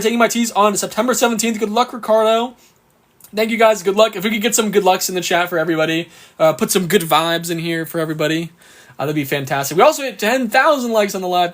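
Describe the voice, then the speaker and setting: A man teaching on a live stream, going through exam questions one by one and cheerfully thanking viewers, with a bout of hiccups. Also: high-pitched. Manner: upbeat, reads questions slowly, thanks viewers often. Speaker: exam prep tutor.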